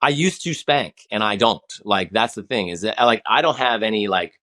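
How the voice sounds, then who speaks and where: A man's voice: fairly low pitch, expressive, normal speed, bright, forceful tone. A man in his forties, a guest on a podcast, talking in a rambling, passionate way with many restarts. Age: 40s. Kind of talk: casual conversation.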